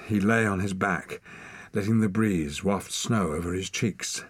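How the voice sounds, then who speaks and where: A man narrating an audiobook in an expressive storytelling manner. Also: low voice, measured pace, breathy edge, dry recording.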